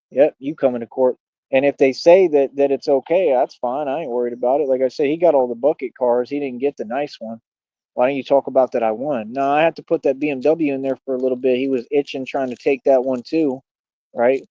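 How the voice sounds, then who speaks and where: A man's voice: medium pitch, fairly even intonation, brisk, warm tone, no room sound, highs cut off. A man hosting a livestream, combatively mocking and taunting a rival in a heated rant. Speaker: livestream host.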